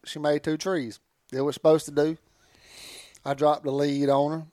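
A man's voice: fairly high pitch, little pitch movement, normal speed, mellow, no room sound, clean studio sound. A man hosting a podcast, telling a rambling story in casual chat and laughing through it. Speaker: podcast host.

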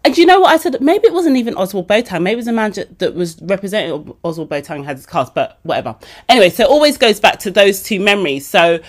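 A woman, hosting her podcast and telling a story casually, chatty and animated as she acts out the dialogue. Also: medium pitch, fast talker. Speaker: podcast host.

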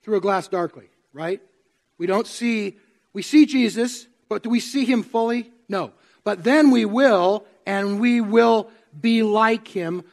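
A man with a notably high-pitched voice delivers a sermon to a congregation in a church sanctuary. He talks in a conversational way and keeps checking in with his listeners through questions. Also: a little slow, creaky, darkish tone. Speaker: pastor.

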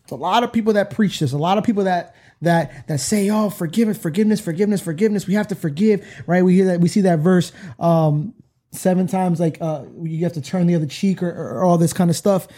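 A man's voice: high voice, brisk, dark tone. A man reflecting on forgiveness in a candid faith talk, often repeating words as he searches for them.

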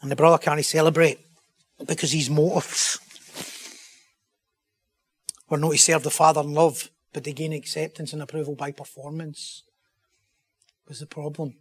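A man preaches a sermon in a voice pitched a little above the usual male range. He talks with rising passion and presses his listeners with loud, emphatic rhetorical questions. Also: level tone, normal speed, slightly rough.

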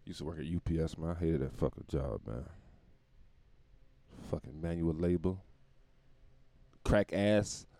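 A man's voice: rumbling low, unhurried, long pauses, dark tone, no echo. A man hosting his own podcast, rambling through a profane comedic monologue and laughing at his own jokes. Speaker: podcast host.

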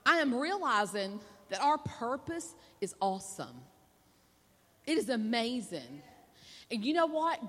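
A woman preacher telling a folksy, animated story in a sermon at a women's conference, laughing and acting out the voices. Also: a little high, slightly rough. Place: stage at a women's conference with a hall's reverb. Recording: long hall reverb.

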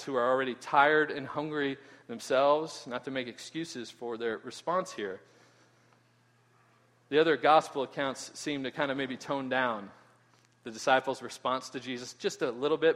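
A man preaching a sermon in an animated way, often asking "right?" and repeating words as he goes. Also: medium pitch. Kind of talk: expository sermon. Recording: long hall reverb.

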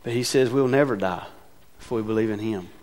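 Heard with the long reverb of a large hall, a pastor delivers a sermon from the pulpit, emphatic yet conversational, asking his congregation rhetorical questions. His voice is lowish and a little mellow, moving a little fast.

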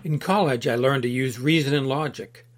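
A man reading the part of an earnest young man seeking truth in an allegorical story, in a measured, earnest manner. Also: mid-range voice, close to an everyday voice.

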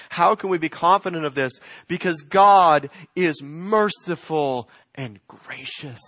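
A man preaching a sermon, swinging between loud emphatic lines and quiet, slowed phrases. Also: on the high side, no room sound. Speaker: pastor.

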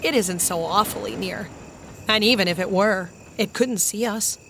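Sensible storybook big brother, steady and reassuring, woman reader doing him. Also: medium pitch, moderate pace, slight background noise, close to an everyday voice. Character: sensible, cheerful older brother, a boy.

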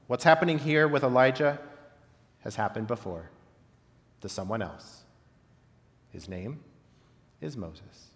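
A man preaching a reflective sermon, pausing often and letting his phrase endings fall soft. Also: mid-range voice, lively intonation, slight background noise. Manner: reflective, with long pauses and softly dropped phrase ends. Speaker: pastor. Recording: long reverb of a large hall.

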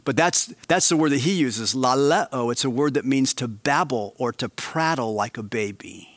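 A male pastor preaching a sermon, swinging between quiet, slow emphasis and animated, raised passages. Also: mid-range voice, no echo.

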